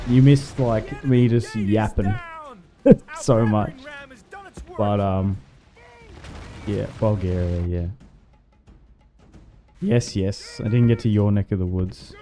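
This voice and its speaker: A man's voice: on the low side, warm tone. A man chatting casually with his stream while playing a strategy game, rambling with fillers and laughs. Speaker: livestream gamer.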